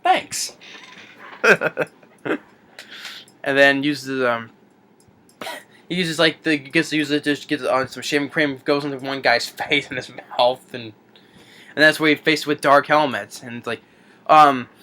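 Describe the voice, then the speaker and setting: A man's voice: steady tone, normal speed, pushed and bright. A man recapping a favorite comedy film in a casual, rambling way, with many restarts and fillers and acted-out movie lines. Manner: acts out movie lines in a higher voice. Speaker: film reviewer.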